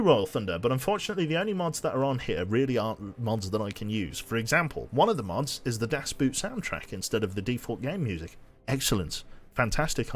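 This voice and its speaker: A man's voice: on the low side, a bit bright. A man chatting casually while streaming a game, rambling with lots of fillers and restarts. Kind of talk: casual gaming livestream commentary.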